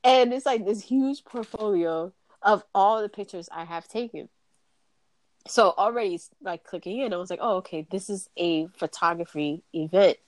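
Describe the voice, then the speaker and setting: A woman's voice: mid-range voice, moderate pace, no echo. A woman co-hosting a podcast, telling a story in casual chat, acting out quotes, swearing and laughing often. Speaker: podcast co-host.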